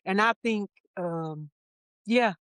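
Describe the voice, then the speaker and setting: A woman's voice: medium pitch, takes it slowly, smooth, no echo. Middle-aged woman, interview guest, chatty storyteller, mid-range voice, dry close sound. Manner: lively anecdotes, acts out quoted voices; laughs easily. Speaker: interview guest, wardrobe supervisor.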